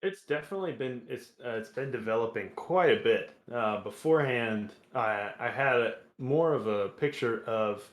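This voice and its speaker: A man on a casual podcast, talking at a middle pitch in a measured, thoughtful way. His dry jokes land flat, and the room around him sounds echoey. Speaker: podcast co-host. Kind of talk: casual chat.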